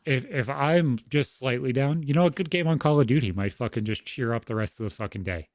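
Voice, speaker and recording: Young man, podcast co-host, blunt and profane storyteller, dry close mic, mid pitch. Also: brisk, no echo. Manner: frank, heavy swearing, storytelling. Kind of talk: casual podcast conversation.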